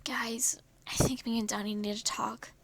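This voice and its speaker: A woman voicing a tender, weak young woman with a hushed, croaky voice, in whispered role-play for a fan story reading. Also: on the high side, flat delivery, moderate pace, slight background noise.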